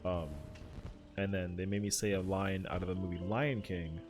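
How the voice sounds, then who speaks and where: Young male streamer, fairly low voice, loose rambling chat packed with fillers, faint music behind. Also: steady tone, normal speed. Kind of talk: casual chat while gaming.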